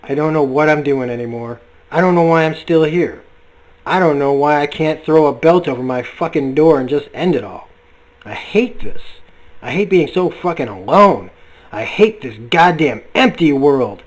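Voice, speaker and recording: A man's voice: a little high, animated, moderate pace, close to an everyday voice, poor audio. Negan, a man reading as a bitter lonely survivor. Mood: despairing. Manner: profane, weary and self-loathing. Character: bitter lonely grieving middle-aged man.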